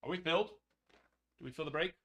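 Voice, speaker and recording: A man hosting a card break live stream, chatting casually and playfully, and cooing gently to a child at home. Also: fairly high pitch, fast.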